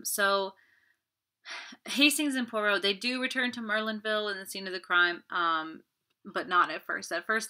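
Bright-voiced woman reading a novel. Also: on the low side. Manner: relaxed recap with fillers. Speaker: audiobook reader. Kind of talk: audiobook narration and chapter recap.

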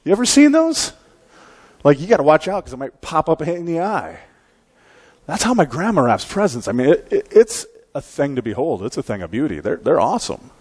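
A man's voice: fairly high pitch, sing-song, fairly quick, darkish tone, husky. A man in his forties preaching a sermon in a church, telling a story in a conversational, self-deprecating, humorous way and often checking in with the congregation. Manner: conversational storytelling, keeps asking the congregation "right?". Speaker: pastor. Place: church sanctuary.

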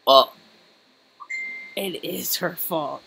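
A woman's voice: sits low, very slow, vocal fry, fairly bright tone, a little hiss or hum. A woman giving casual, giggly commentary while playing a video game, exclaiming and joking as she goes. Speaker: let's play host.

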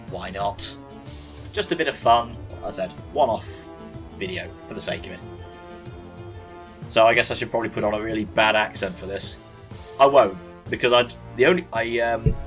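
A man's voice: mid-range voice, fairly bright tone. A man hosting a casual let's play, rambling and self-deprecating as he reads game text aloud. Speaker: gaming channel host.

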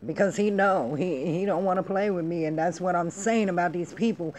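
A woman's voice: lowish voice, a little fast, hardly any pauses, darkish tone. A middle-aged woman hosting her own vlog, delivering a blunt, profane, emphatic rant in casual talk. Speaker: vlog host. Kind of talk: casual ranting monologue.

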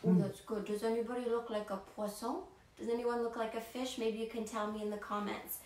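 A woman's voice: a little high, fairly even intonation, fairly quick, few pauses, darkish tone, recorded from a distance. A woman storyteller who leads a playful, interactive show for children, talking straight to young viewers at home. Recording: echoey room, voice heard from off-mic, faint background hiss.

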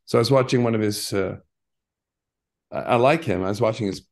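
A man's voice: lowish voice, a little fast, a little mellow. Older man telling rambling stories. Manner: rambling, with frequent restarts and asides. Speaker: guest, former actor and basketball coach. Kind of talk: casual interview storytelling.

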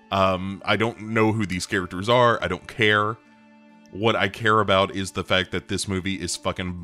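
A man's voice: low-pitched, sharp tone. A man hosting a podcast, reviewing a film in a rambling, profane, enthusiastic way with lots of ums and uhs. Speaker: podcast host. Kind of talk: casual movie review monologue.

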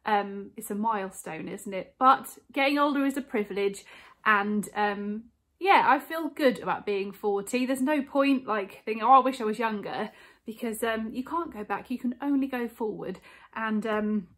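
A woman's voice: fairly high pitch, normal speed, a bit bright. A woman in her forties, chatting casually to camera at home in a rambling, filler-filled way. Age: 40s. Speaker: vlogger. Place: home, living room.

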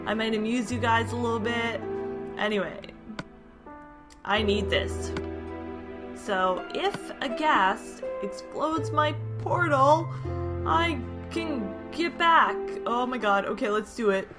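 A young woman giving live commentary on her gameplay, jumpy and exclaiming often as she talks to her viewers, over loud game music. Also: a little high, slow pace. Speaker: gaming YouTuber.

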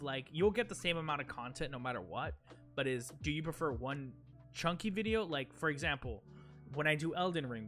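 Bright-voiced man rambling to his stream. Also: fairly high pitch. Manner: rambling, many fillers and restarts; talks directly to chat viewers. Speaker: live game streamer. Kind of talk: casual live stream chat while gaming. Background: game music.

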